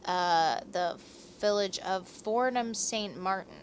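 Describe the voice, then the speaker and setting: A woman's voice: medium pitch, slow, a little hiss or hum. A young woman co-hosting a podcast, telling a history story in a chatty, rambling, slightly profane way. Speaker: podcast co-host. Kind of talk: casual storytelling chat.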